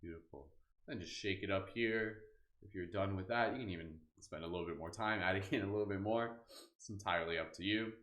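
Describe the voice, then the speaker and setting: Relaxed meditation host, low voice. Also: male voice, fast, roomy sound. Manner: relaxed, affirmations and laughter breathing; casual with many "like" and "kind of". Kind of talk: live-streamed guided meditation.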